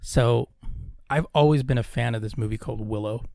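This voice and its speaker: A man's voice: mid-range voice, a little fast, vocal fry, a little mellow, no echo, studio quality. A man co-hosting a casual podcast, laid-back, chuckling often and swearing casually. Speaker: podcast co-host.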